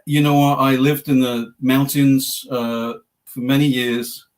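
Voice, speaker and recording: A man's voice: medium pitch, flat delivery, a little slow. A man with an English accent, a guest on a talk show, telling his story casually with a joking, self-deprecating manner. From England.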